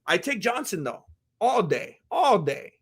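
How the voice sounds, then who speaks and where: A man hosting a livestream, chatting casually and reacting to chat in an animated, rambling way. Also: high voice, measured pace, breathy edge. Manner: animated, rambling, jumps into voices. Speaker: livestream host.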